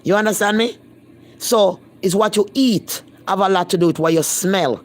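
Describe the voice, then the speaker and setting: A woman's voice: medium pitch, normal speed. Blunt Jamaican woman chatting in patois. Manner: blunt, emphatic and repetitive, in patois. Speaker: vlogger. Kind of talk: casual live-stream chat.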